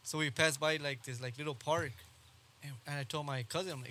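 A man's voice: on the high side, steady tone, brisk, pushed and bright, a little hiss or hum. A man telling a spooky story in casual, rambling, profane podcast chat. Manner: rambling, swearing, laughing storyteller. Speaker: podcast co-host.

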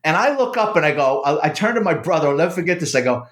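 Animated New man with roomy echo. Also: fairly high pitch, fast talker. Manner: animated, profane storyteller. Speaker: author and former police officer. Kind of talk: casual storytelling.

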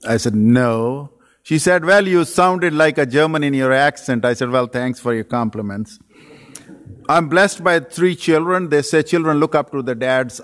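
A man preaches an earnest sermon at a middle pitch. His words ring out with the long reverb of a church sanctuary. He stacks phrases in threes and slips in dry, self-deprecating humor. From Pakistan. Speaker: guest preacher and missionary leader.

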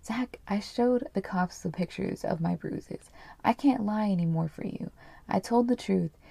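Lady reading out a cold fed-up wife, gravelly and slow, dry sound. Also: medium pitch, dark tone, dry recording. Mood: firm. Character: firm fed-up wife cutting ties.

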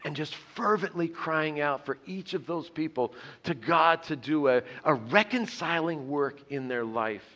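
Man preaching, earnest, bright tone, slightly high voice, repeats words, softens on key lines. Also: a little slow, hardly any pauses. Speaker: pastor. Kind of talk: sermon.

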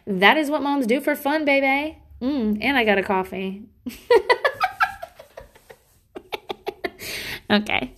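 A woman's voice: high-pitched, normal speed, fairly bright tone. A woman, a mother, talking casually to her audience in a rambling, profane, self-mocking way from a bathroom at home. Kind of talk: casual solo monologue.

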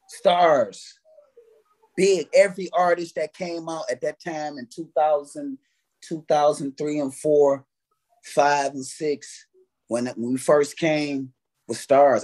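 A man's voice: a little high, darkish tone. A man, a guest artist telling stories in a casual interview, swearing freely and acting out his own past reactions. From United States.

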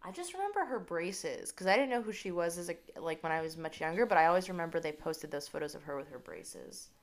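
A woman co-hosting a podcast in casual chat, animated and opinionated, acting out quotes. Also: fairly low pitch, fast. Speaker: podcast co-host.

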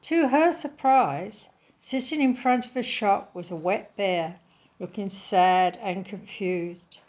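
A woman reading a children's story aloud in a slow, gentle, clearly enunciated way. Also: medium pitch.

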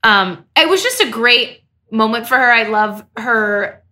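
A woman's voice: on the high side, expressive, a little slow, sharp tone. A young woman co-hosting a casual TV recap podcast, enthusiastic, laughing often and swearing freely. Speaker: podcast co-host. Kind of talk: casual chat recapping a TV episode.

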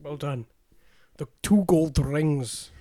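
A man's voice: on the high side, slow pace, warm tone. A young man chatting casually while playing a game, joking and exasperated. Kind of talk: casual chat.

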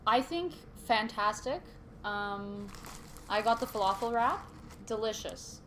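A woman's voice: mid-range voice, lively intonation, slow pace, fairly bright tone, slight background noise. A young woman co-hosting a casual podcast, gushing about food in short enthusiastic bursts. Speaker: podcast co-host. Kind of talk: casual chat over a meal.

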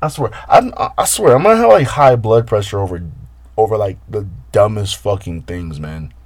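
A man telling a story in a casual, profane rant, exasperated, with his voice jumping up and down in pitch. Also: expressive, moderate pace, no room sound.

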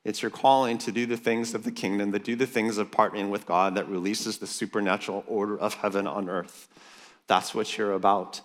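Lowish male preacher, punchy and playful, working a conference crowd; large-hall reverb. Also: steady tone, brisk. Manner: emphatic and jokey, calls the crowd for amens. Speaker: pastor speaking at a leaders' conference. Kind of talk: sermon.

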